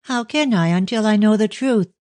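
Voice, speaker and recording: A man's voice: high-pitched, moderate pace, darkish tone, no room sound, pitched above the performer's own voice. A man reading an audiobook, voicing an anxious, tearful young woman pleading with her father. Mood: passionate.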